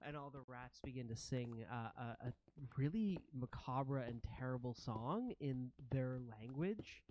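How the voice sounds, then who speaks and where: Slow, mellow game master. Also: mid-range voice, dry recording. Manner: relaxed, with hesitant restarts. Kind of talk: narrating a tabletop game.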